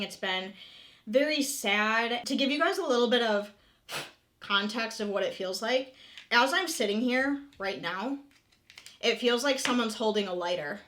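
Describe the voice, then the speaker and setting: A woman's voice: mid-range voice, sharp tone. Candid woman in her thirties venting. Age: 30s. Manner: candid, emotional, swears freely, many "like" fillers. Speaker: vlogger. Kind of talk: casual confessional vlog chat.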